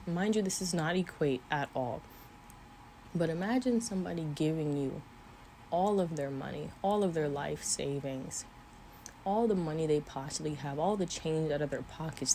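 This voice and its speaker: With a deep voice and warm tone, a woman in her twenties talks to camera about her faith in an emotional vlog, tearing up at moments and giving small laughs. The camera mic carries a little hiss or hum.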